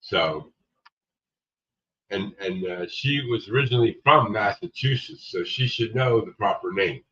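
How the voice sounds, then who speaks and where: A man's voice: fairly low pitch, animated, unhurried, bright, forceful tone. A man hosting a casual livestream, rambling and answering viewers by name. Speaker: livestream host. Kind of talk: casual livestream chat reading viewer comments. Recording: dull lo-fi stream audio, distant from mic.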